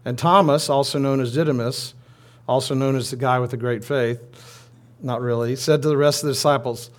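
A man's voice: medium pitch, fairly even intonation, brisk. Man preaching a chatty sermon. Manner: conversational storytelling with asides.

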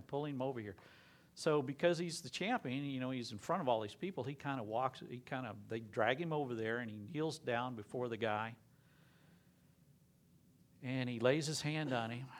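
Male preacher, gravelly mid-pitched voice, earnest sermon delivery. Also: moderate pace, a little hiss or hum. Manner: earnest, dropping to a hushed whisper at emotional moments. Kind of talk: sermon storytelling.

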